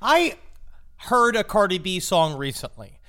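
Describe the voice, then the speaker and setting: A man co-hosting a comedy podcast in casual chat, loud and joking, at times sinking into a mock hushed murmur. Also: sits high, sing-song, unhurried. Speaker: podcast co-host.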